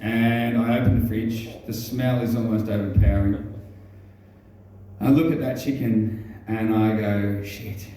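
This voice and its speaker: A man with an Australian accent telling a rambling stand-up comedy story, halting often with ums and restarts and swearing freely. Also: on the low side, steady tone, mellow, slight background noise. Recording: very echoey room, mic far off.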